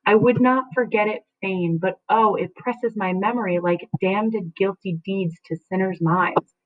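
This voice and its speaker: A woman reading aloud as an anguished teenage girl torn between love and grief, delivering verse dramatically and slowing on key words. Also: mid-range voice, natural voice. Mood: grieving. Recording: tinny phone-like sound.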